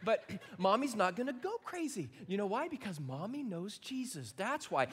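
A man's voice: high voice, sing-song, normal speed, fairly bright tone, husky, exaggerated voice. A man voicing a frazzled but cheerful young mother talking to her little kids, in a sermon. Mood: playful.

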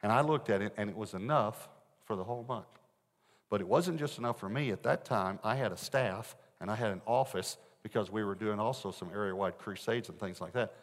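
Male preacher, lowish voice, animated storytelling, long hall reverb. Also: a little fast. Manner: animated, swings from loud to hushed. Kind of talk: storytelling sermon. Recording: echoey hall.

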